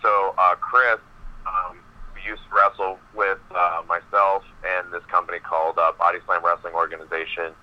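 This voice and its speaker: Wrestler guy rambling through a story, lots of um and you know, lowish voice, kinda muffled audio. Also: moderate pace. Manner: rambling, animated anecdote with many fillers. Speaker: professional wrestler, podcast guest. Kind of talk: casual storytelling in an interview.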